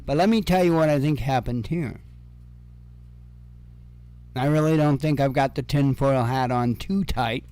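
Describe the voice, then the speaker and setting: Slow, sarcastic male commentator. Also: medium pitch, a little mellow, clean tone, faint music behind. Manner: sarcastic, profane, chuckling asides. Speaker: news commentary host. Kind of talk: casual news commentary.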